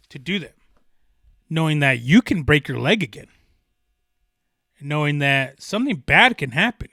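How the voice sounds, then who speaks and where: A young man riffs through a solo sports podcast, his voice bright and a touch high. He talks with fervent emphasis, circling back and restarting his thoughts. The sound is dry and close. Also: no echo. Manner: passionate, emphatic, rambling with restarts. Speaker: podcast host.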